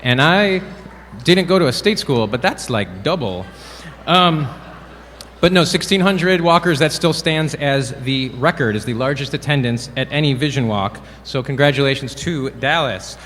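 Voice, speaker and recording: A man presenting awards at a ceremony, cracking playful deadpan jokes. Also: medium pitch, moderate pace. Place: event hall. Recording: reverberant hall, faint room noise.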